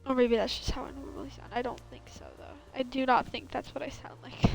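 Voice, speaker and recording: A woman's voice: high-pitched, flat delivery, brisk, gravelly, faint music behind, rough recording. A young woman streaming a building game, chatting casually and rambling with lots of fillers in a valley girl lilt. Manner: rambling, filler-heavy, self-correcting. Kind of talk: casual chat while gaming.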